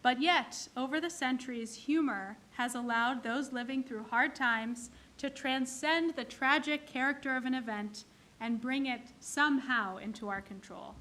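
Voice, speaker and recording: Woman clergy delivering a humorous sermon, high, slow, unhurried storyteller. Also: sharp tone. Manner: storytelling, acting out characters in jokes. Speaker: clergy leading a service. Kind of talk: sermon with jokes. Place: synagogue.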